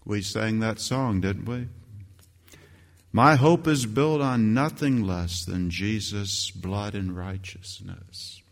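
A man's voice: takes it slowly, creaky. A man preaching a sermon as pastor, emphatic, with his voice leaping up on key phrases. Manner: emphatic preaching that leaps higher and louder on scripture quotes. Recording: long hall reverb.

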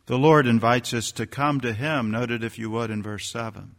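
A man's voice: medium pitch, moderate pace, few pauses, long reverb tail. A man preaching a sermon as pastor, reading scripture and rising into emphatic bursts and rhetorical questions.

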